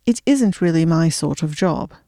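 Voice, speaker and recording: Lady reading as a tired fed-up guy, ex recovery agent, clipped and cranky, dark dry voice. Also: low voice, expressive, moderate pace, no echo. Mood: guarded. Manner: terse and exasperated. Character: weary frustrated middle-aged man, retired recovery agent.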